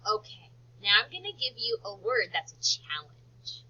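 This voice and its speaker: A woman teacher leading a slow phonics lesson for young children, stretching out words for them to repeat and praising them often. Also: medium pitch, big pitch swings, bright, forceful tone, husky, lo-fi sound. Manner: slow, drawn-out word modelling and encouraging praise.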